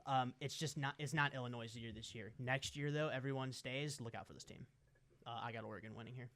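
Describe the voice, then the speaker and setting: A man's voice: medium pitch, steady tone, fairly quick, fairly bright tone. A man co-hosting a casual sports podcast, emphatic and playful as he makes his picks. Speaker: podcast co-host.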